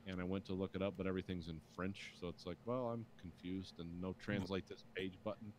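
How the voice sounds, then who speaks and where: Low-voiced wry man chatting on a podcast. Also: fairly even intonation, a little fast, slight background noise. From United States. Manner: dry, wry asides. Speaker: podcast co-host. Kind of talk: casual chat.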